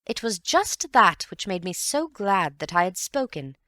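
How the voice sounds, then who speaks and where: A woman's voice: mid-range voice, very animated, measured pace, a bit bright, no echo, clean studio sound, voice pushed up. A woman voicing a gossipy, self-important middle-aged mother in an audiobook, speaking emphatically. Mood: emphatic. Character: gushing, indignant middle-aged society mother. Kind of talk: audiobook character voice.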